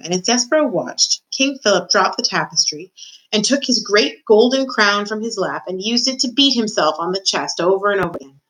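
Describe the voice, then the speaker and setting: A woman's voice: mid-range voice, fairly bright tone, low-quality recording. Woman reading a storybook aloud. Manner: careful reading with occasional stumbles. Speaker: student reader. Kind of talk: reading a children's novel aloud.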